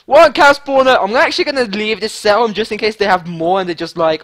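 High-voiced, excitable male gamer. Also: brisk, hardly any pauses. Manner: excitable, stammering, swings from shouting to whispering. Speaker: gaming channel host. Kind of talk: excited gameplay commentary.

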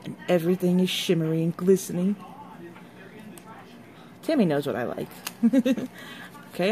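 A woman vlogger chatting casually through an unboxing, excitable and gushing over each product. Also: fairly low pitch.

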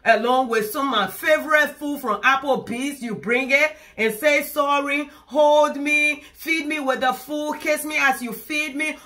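A high, bright woman's voice scolds a partner down the phone in a comic monologue. She is indignant and keeps arguing in circles, from Liberia. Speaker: comedian.

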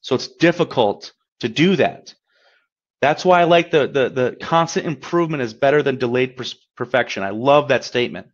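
A man's voice: medium pitch, moderate pace, highs cut off. A man giving a webinar as a coach, talking in an upbeat, encouraging, conversational way, often checking in with "right?". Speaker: credit repair coach. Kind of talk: webinar presentation.

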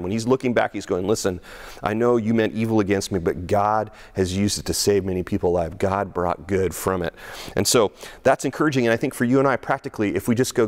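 Acting out quoted speech with a raised voice and lifted pitch, a middle-aged male pastor preaches conversationally. His delivery is full of restarts and repeated words.

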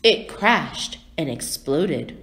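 A woman reads a children's storybook aloud at a slow, careful pace. Her pitch swings widely as she narrates, in a clear, expressive way. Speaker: storybook reader.

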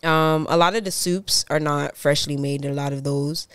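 A woman's voice: deep voice, fairly even intonation, normal speed, a bit bright, smooth, dry recording, clean studio sound. A woman, a podcast guest chatting casually in an emphatic, slangy way. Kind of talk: casual chat.

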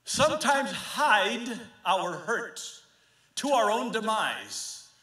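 A male pastor with a high, bright voice delivers a slow, impassioned sermon, swinging between hushed storytelling and fervent pleading. His words ring through an echoey church sanctuary. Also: very animated.

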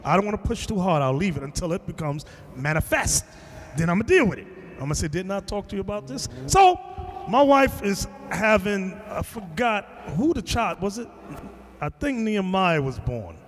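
A man preaching to a class, telling a story with lively acted-out quotes and bursts of shouting. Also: high voice, normal speed, long reverb tail, slight background noise. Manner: animated storytelling, acting out quotes, shouting at times. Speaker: teacher. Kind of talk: sermon.

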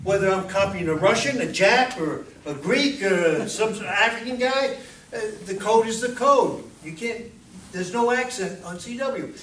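A man's voice: high-pitched, lively intonation, measured pace, a bit bright. A man giving an informal talk to a club meeting as a guest speaker, chatty and often asking the audience questions. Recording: echoey room, distant mic, faint noise.

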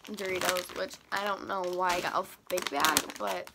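A woman's voice: fairly low pitch, fairly even intonation, moderate pace, gravelly, background noise. A teenage girl vlogging casually in her morning voice, chatty and self-deprecating, filming on a phone in her bedroom. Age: teen. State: groggy morning voice. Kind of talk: casual vlog. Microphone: phone camera.

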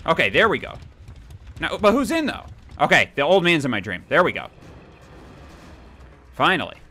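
A young man giving excitable, playful let's-play commentary, taunting the players as he goes. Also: on the high side, a little hiss or hum. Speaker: gaming YouTuber.

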